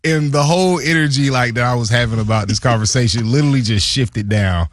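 A man in his thirties, a former player, telling casual stories in a lively way and jumping up in pitch when he quotes others. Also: fairly quick, dry recording, studio quality. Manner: animated storyteller who jumps high when quoting others. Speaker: former player on a talk show. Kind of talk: casual storytelling chat.

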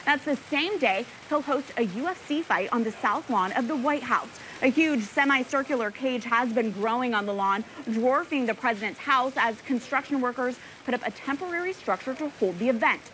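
A woman anchoring a news program, reading scripted reports in a clear, measured delivery. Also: a little high, expressive, a bit bright, slight background noise, poor audio.

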